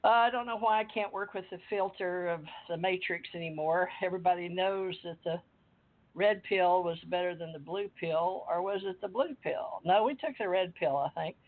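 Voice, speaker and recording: A woman's voice: fairly low pitch, normal speed. Older woman host, chatty and rambling, calling in on a tinny phone line. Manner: chatty, rambling, reads a bio aloud. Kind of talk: casual call-in interview. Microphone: phone or computer call.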